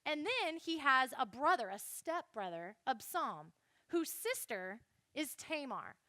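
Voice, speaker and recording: A young woman giving a chatty, animated Bible lesson to a youth group and speaking straight to the listeners. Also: high voice, a little slow, no room sound, studio quality. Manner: chatty, animated, addresses the audience directly.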